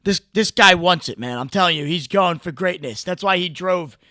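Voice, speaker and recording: Young male commentary host, sharp bright tone, dry close sound, riffs and mocks excitably. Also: sits high, normal speed, no echo. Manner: mocking, riffing, excitable, with frequent "like" and "bro". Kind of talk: casual reaction commentary.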